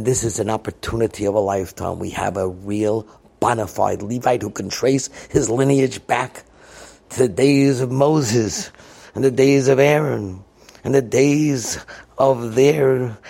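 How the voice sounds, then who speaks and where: A man voicing an excited factory boss who makes loud announcements to his workers. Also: measured pace, creaky, slightly rough. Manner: booming, showman-like announcing.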